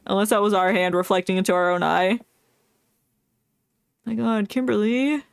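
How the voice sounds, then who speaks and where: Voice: mid-range voice, moderate pace, gravelly, clean tone, no echo. A streamer who reads a game's story aloud and breaks in with playful, joking reactions and frequent laughter. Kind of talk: reading game story aloud with live reactions.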